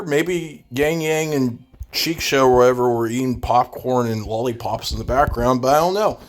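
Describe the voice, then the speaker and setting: A man's voice: medium pitch, normal speed, few pauses. Give me a sarcastic young man giving a profane, ranting gaming commentary. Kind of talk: casual opinion vlog.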